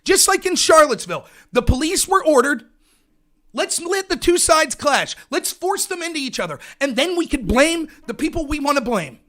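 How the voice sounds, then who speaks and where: An American man rants furiously on his own livestream, swearing and shouting at his viewers. His voice sits very high and sounds sharp and bright, and its pitch swings widely as he rages. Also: very animated, moderate pace. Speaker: livestream political host. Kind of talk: angry political rant.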